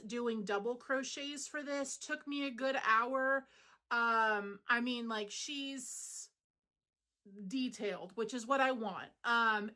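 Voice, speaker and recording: A woman talking about her crafts in a chatty, meandering way, with plenty of ums and likes. Her voice is bright and a little high. She talks casually at home. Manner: chatty, meandering, lots of fillers. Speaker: crochet channel host. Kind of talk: casual rambling crafting chat.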